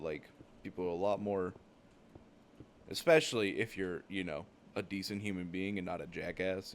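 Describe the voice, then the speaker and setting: A young man from the United States, hosting a gaming channel, tells rambling, profane travel stories full of "like" fillers. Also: deep voice. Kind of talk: casual storytelling while gaming.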